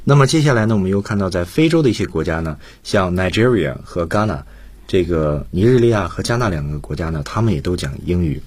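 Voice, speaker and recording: A man's voice: low-pitched, expressive, quick pace, darkish tone, husky, no echo. A man teaching English on the radio, patiently explaining and repeating key points in a bilingual lesson.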